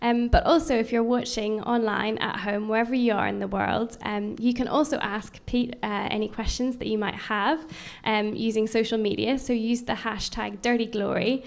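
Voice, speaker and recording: A woman hosting a live book launch interview, friendly and filling pauses with lots of ums. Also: a little high, steady tone, creaky. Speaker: interviewer and event host. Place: event venue with audience.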